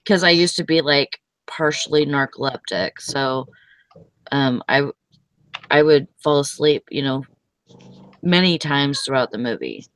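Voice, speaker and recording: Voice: medium pitch, measured pace, fairly bright tone, no room sound. A person chatting casually and unhurriedly among friends. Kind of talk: casual chat.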